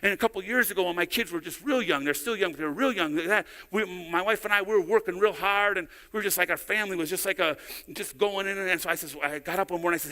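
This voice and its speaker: A middle-aged male pastor with a high, bright, forceful voice preaches fast in a church sanctuary. He tells stories conversationally, often repeating words, and the recording carries a long hall reverb.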